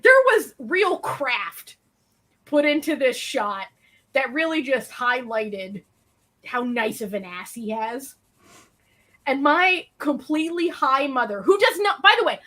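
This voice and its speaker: A woman chats casually on a home stream, spinning stories with lots of laughter and side tangents. Her voice sits high and bright, and it leaps around expressively as she talks. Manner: animated storyteller, laughs often, quick asides. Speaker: co-host of a colouring stream. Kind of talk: casual chat. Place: at home, dryer running nearby.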